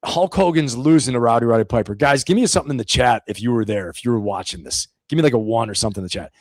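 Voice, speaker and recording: A middle-aged American man chatting on a livestream, telling lively stories with frequent laughter. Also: mid-range voice, very fast, no room sound. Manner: animated storyteller, laughs often. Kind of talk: casual livestream chat.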